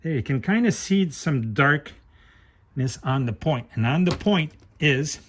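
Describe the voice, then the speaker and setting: A middle-aged man hosting a car repair channel, thinking aloud in an unhurried way while he works on a part at his bench. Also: fairly high pitch, animated, a little hiss or hum. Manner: talks with a flashlight in his mouth at times. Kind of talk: hands-on repair demonstration.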